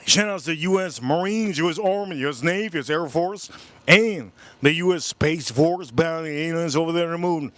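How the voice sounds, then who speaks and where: An American man with a slightly high voice hosts a casual livestream with no echo. He repeats himself often and rattles off emotional shout-outs to his viewers.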